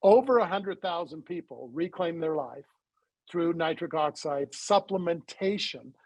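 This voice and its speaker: A man with a high, husky voice talks as a guest on an interview, recorded close in a dry, dead space. He tells his story in a lively way and acts out the conversations as he goes. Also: measured pace, no echo, low-quality recording. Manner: animated storyteller who acts out quoted dialogue. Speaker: interview guest, supplement company founder.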